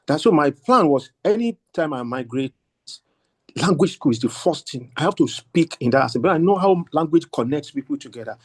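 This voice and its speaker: A man's voice: fairly high pitch, lively intonation, husky. A middle-aged man with a Nigerian accent, politely thanking the speaker and asking a long question in an online workshop. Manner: polite, effusive thanks, halting restarts. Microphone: video call.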